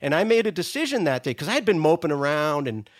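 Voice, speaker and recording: A man in his sixties from New England, a guest telling a story in casual chat, animated, profane and self-mocking. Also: fairly high pitch, fast talker.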